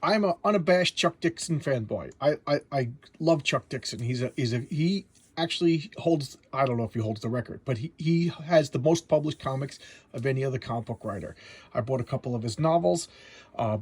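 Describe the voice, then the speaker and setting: A man's voice: mid-range voice, lively intonation, brisk, breathy edge, dry recording. A man casually reviewing a comic book at home, talking in a chatty way with many stumbling restarts.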